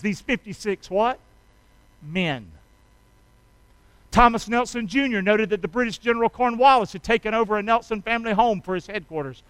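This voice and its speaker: High, bright-voiced preacher calling to his congregation. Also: brisk, smooth, dry recording, rough recording. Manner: call-and-response preaching, prompting the congregation to answer; swings from soft and low to sudden loud shouts. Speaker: pastor. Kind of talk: sermon.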